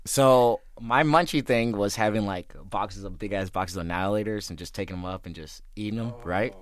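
A man's voice: on the low side, fairly quick. A man from St. Louis, a fighter guest on a podcast, telling his life story casually, swearing constantly and asking "right?" after every few phrases. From St. Louis, USA. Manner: profane, laid-back, keeps checking in with "right?".

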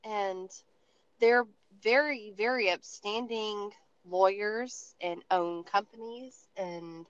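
A woman hosting a podcast, telling stories in a casual, profane, animated way with lots of restarts. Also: medium pitch, takes it slowly, smooth, no echo, highs cut off. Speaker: podcast host.

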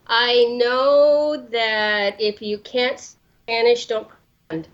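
A woman's voice: on the high side, takes it slowly, lo-fi sound. An older woman speaking bluntly and teasingly over a call, a guest on the show. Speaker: guest on a call, host's mother.

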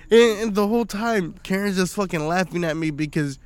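A young man tells a story on a casual podcast, his voice sitting a little high. He swears freely and keeps breaking into laughter as he goes. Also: a little slow, pauses often, dry recording. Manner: profane, laughs often while telling stories. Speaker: podcast co-host.

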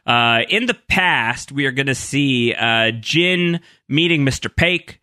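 A man's voice: mid-range voice, expressive, slow, pushed and bright, clean tone, dry recording, studio quality. A man co-hosting a podcast, chatting casually and recapping TV scenes with many fillers. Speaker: podcast co-host. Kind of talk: casual chat.

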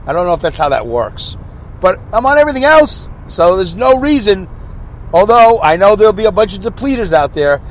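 A man's voice: sits high, very animated, fairly quick. Rambling man hosting his podcast. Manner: chatty, rambling, wry. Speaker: podcast host. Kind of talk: casual rambling monologue. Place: on the road with passing motorcycles. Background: passing traffic.

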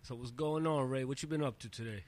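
A man's voice: mid-range voice, fast, darkish tone. A man in his forties with a New York accent, co-hosting a podcast and teasing his partner with trash talk. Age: 40s. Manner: teasing, trash-talking and laughing. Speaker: podcast co-host. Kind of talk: casual chat.

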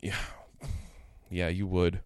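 A man's voice: deep voice, monotone, slow pace, darkish tone, clean tone, no echo. A man co-hosting a podcast in casual chat, a bit tipsy, joking and self-deprecating as he tells stories. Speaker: podcast co-host.

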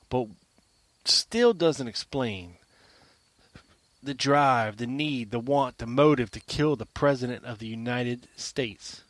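A man hosting a podcast alone, arguing his case emphatically and firing off repeated rhetorical questions. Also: mid-range voice. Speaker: podcast host. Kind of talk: argumentative solo monologue.

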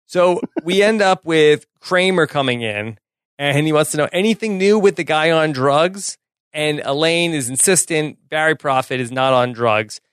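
A man's voice: on the high side, moderate pace, fairly bright tone, smooth, no echo, studio quality. A man co-hosting a podcast, easygoing in casual chat, recapping an episode with brief replies. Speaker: podcast co-host.

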